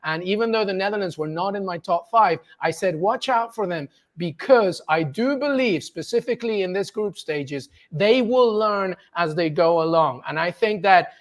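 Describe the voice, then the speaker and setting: A man telling a football anecdote with eager, animated delivery and lots of repetition. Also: sits high, normal speed, few pauses. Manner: expressive, eager, repeats himself. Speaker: football pundit. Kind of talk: animated storytelling.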